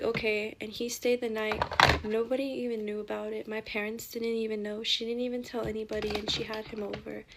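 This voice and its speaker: A woman's voice: fairly high pitch, background noise. A young adult woman telling a rambling personal story in casual chat, with lots of fillers, swearing and dips into whispers.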